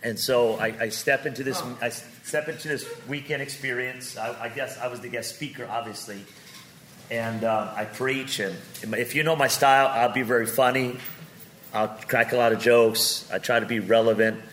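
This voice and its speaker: A man preaching with comic storytelling, animated and joking, swinging from loud to quiet. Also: medium pitch, normal speed, slight background noise.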